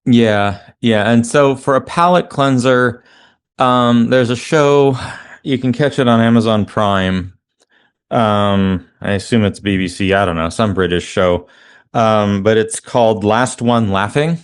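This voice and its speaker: Smooth low-voiced man, relaxed co-host. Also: unhurried. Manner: relaxed, chuckling, loose rambling asides. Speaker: podcast co-host. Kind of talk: casual chat.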